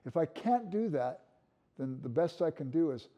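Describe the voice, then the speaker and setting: A man's voice: a little high, expressive, normal speed, mellow, highs cut off. An older man giving a conversational classroom lecture, musing aloud and repeating words as he restarts.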